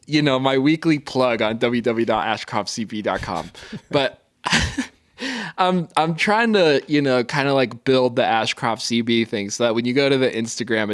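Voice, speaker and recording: A man co-hosting a podcast in loose, joking casual chat, quick to laugh, talking over a video call. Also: mid-range voice, no room sound, studio quality. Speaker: podcast co-host.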